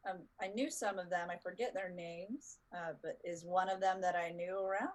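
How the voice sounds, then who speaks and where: A woman's voice: lowish voice, fairly even intonation, normal speed. A woman playing a tabletop game, chatting casually with dry, dismissive quips.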